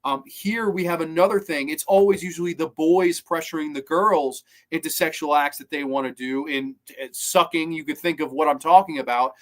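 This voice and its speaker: A man's voice: a little high, normal speed, few pauses. A man in his twenties giving a casual spoken film review, enthusiastic and swearing freely. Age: 20s. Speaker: movie reviewer.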